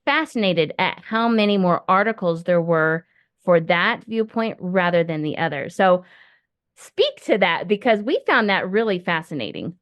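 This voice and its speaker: A woman's voice: on the low side, sing-song, moderate pace, no echo. A middle-aged woman hosting a podcast from home, talking in a chatty, rambling way with many fillers. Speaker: podcast host. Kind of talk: casual interview conversation.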